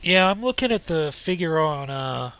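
A man's voice: on the high side, animated, normal speed, fairly bright tone. A man co-hosting a casual podcast while sick with a cold, his voice congested and drowsy from cold medicine, talking in a laid-back way. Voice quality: gravelly, congested. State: has a cold, groggy from cold medicine. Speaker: podcast co-host. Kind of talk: casual chat.

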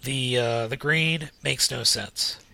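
Sick male podcast co-host, gravelly and congested, drowsy, bright edge, dry close sound. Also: mid-range voice, slow, no room sound. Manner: drowsy, laid-back, swearing freely. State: has a cold, groggy from cold medicine. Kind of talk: casual chat.

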